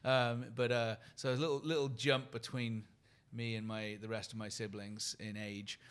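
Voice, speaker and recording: Earnest British man, slow reflective pauses. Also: medium pitch, little pitch movement, a bit bright, clean tone. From United Kingdom. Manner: earnest, lists thoughts slowly with pauses. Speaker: guest, company leader and keynote speaker. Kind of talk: reflective conversational storytelling.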